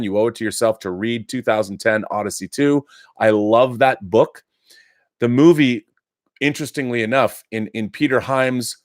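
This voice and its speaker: A man's voice: mid-range voice, no echo, studio quality. A middle-aged man hosting a casual live stream, chatty and enthusiastic, restarting sentences often. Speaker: live show host reading viewer letters.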